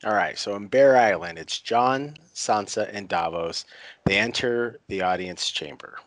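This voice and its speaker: A man's voice: fairly low pitch, a little slow, a bit bright, no echo. A man casually recapping a TV episode, reading out the characters' lines and laughing at his own attempts at voices. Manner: tries voices, laughs at himself. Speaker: podcast co-host recapping a TV episode.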